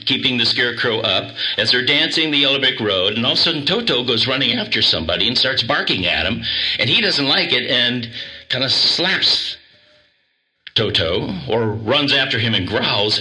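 A male pastor preaching an animated sermon, quizzing the congregation and coaxing them to repeat words after him. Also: mid-range voice.

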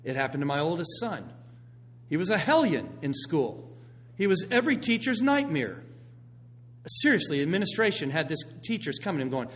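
A middle-aged man preaching a sermon as a pastor, telling stories with animated swings between loud bursts and hushed lines. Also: a little high, brisk, a little hiss or hum.

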